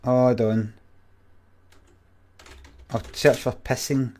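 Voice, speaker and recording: A Scottish man in his forties chats loosely to his stream viewers. He swears freely, rambles and cuts himself off mid-thought, in an ordinary middle-pitched voice. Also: level tone, drawn-out words, dark tone. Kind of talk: casual storytelling to viewers.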